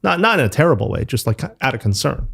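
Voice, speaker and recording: A man's voice: mid-range voice, very animated, quick pace, gravelly, fairly bright tone, slightly rough. Easygoing man rambling in an interview. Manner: loose and rambling, full of fillers and mild swearing. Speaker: company founder, guest. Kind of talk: casual interview talk.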